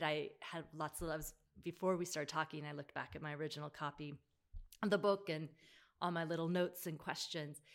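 A woman talking through a book in a casual conversation, thoughtful, with frequent fillers and restarts. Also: on the low side. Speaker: bookshop podcast host.

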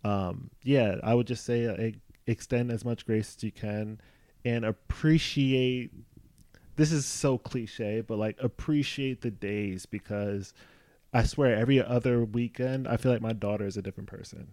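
Easygoing American man, soft-spoken. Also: mid-range voice, moderate pace, no room sound. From United States. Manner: relaxed and soft-spoken, many fillers like "like" and "um". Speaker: comedian guest. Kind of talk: casual chat.

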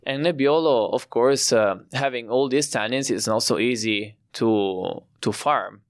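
Italian-accented winemaker, smooth clear voice. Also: male voice, mid-range voice, dry recording, studio quality. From Italy. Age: young adult. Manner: explanatory, proud, with frequent "uh" pauses. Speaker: winemaker guest. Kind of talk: podcast interview.

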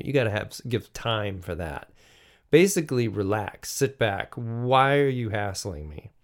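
A man's voice: medium pitch, clean tone. A middle-aged man from the United States, hosting a podcast and musing aloud in a solo monologue, with frequent restarts. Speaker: podcast host.

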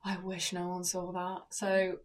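A woman's voice: on the low side, completely flat delivery, measured pace, recorded from a distance, crowd noise. A young woman, a podcast co-host, telling a story in casual chat and acting out the quotes, with frequent swearing. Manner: chatty storyteller, acts out quotes, swears often.

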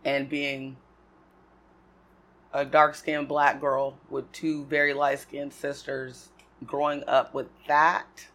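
A woman from Oregon talks as a guest in a relaxed interview. She tells her story at an easy pace and lets small laughs slip between her thoughts. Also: a bass voice, slow. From Portland, Oregon, USA. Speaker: guest, comedy festival producer and DJ. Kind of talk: casual interview chat.

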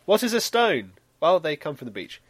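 A man's voice: on the high side, very animated, moderate pace, fairly bright tone, slightly rough, dry recording. An English man co-hosting a podcast, chatting casually with giggly, playful banter. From England. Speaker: podcast co-host. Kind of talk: casual chat.

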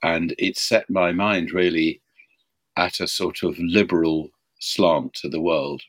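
A man, an author being interviewed on a podcast, recalling a story in a reflective, measured way. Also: deep voice, steady tone, no room sound.

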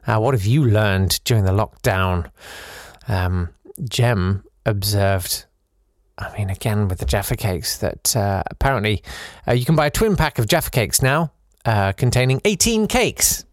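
A man's voice: lowish voice, unhurried, no echo, studio quality. A man hosting a podcast in a casual, rambling way, reading listener messages with self-deprecating asides. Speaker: podcast host.

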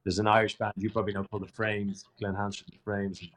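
A man's voice: fairly low pitch, flat delivery, quick pace, a bit bright. A male TV presenter, a guest on a show, telling a casual story that rambles and often restarts mid-sentence.

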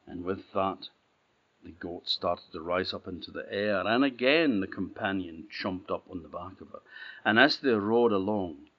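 A middle-aged man with an Orkney Scots accent telling a folktale in a relaxed, plain-spoken way. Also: deep voice, moderate pace. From Orkney, Scotland. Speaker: storyteller. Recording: dull, slightly muffled audio.

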